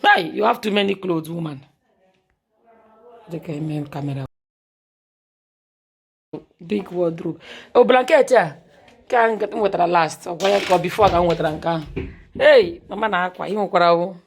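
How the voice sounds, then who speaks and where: A woman's voice: lowish voice, moderate pace, gravelly, long pauses. A young Nigerian woman vlogging a casual tour of a village house, talking with a Nigerian accent, mixing Igbo and English and exclaiming often.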